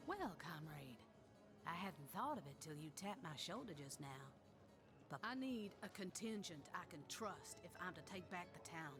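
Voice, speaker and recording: A woman voices a rowdy retired woman warrior from a video game, speaking in a Southern American accent over game music. Her voice sits on the low side, sing-song at a moderate pace, and she rallies listeners with folksy old sayings.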